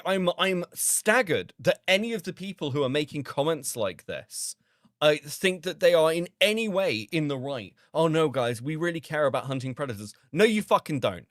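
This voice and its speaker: A man's voice: fairly high pitch, fairly bright tone, no room sound, clean studio sound. A man hosting a drama channel stream, reacting to comments in a heated, profane rant.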